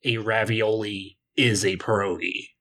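A man with a husky, slightly breathy voice and a US East Coast accent, chatting on a podcast. He rambles, hesitates and restarts his thoughts as he works them out aloud. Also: lowish voice, fairly even intonation, a little slow, sharp tone. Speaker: podcast co-host. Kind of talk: casual chat.

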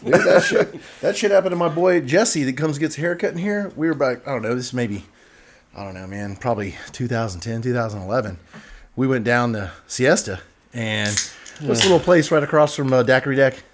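A man's voice: medium pitch, fairly quick, slight background noise. Profane, rambling barbershop storyteller, a man. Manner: profane, rambling storyteller who acts out the people in his stories. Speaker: podcast host and barber. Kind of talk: casual storytelling chat.

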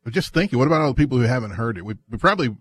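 A man co-hosting talk radio with a husky, slightly raspy voice at middle pitch, dropping quick wry asides. The studio sound is dry and close. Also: lively intonation, no echo. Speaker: radio show co-host. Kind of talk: casual radio banter.

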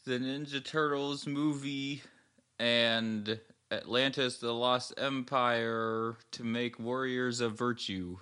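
Slow, hesitant man guessing answers. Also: mid-range voice, steady tone, bright, forceful tone, clean tone. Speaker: quiz contestant. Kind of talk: casual game chat.

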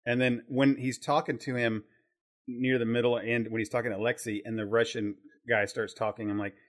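A man's voice: medium pitch, flat delivery, brisk. Rambling man thinking aloud about a film. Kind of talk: casual film discussion podcast.

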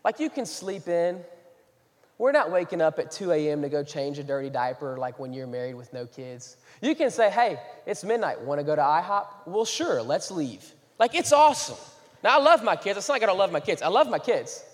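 Animated high-voiced pastor in a hall. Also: male voice, brisk. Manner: animated, joking then earnest and pleading. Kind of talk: sermon.

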